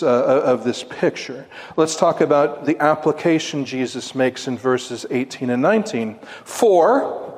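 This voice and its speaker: A man of middle pitch gives an expository Bible lesson, asking his audience questions and then answering them. His voice rings out with a long hall reverb, as if he is speaking in a large meeting room. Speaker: Bible teacher.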